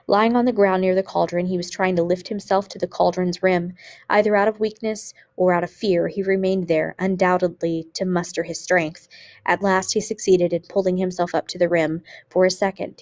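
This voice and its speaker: A woman teacher reading a memoir aloud for students, with expressive delivery that rises on exclamations. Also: fairly low pitch.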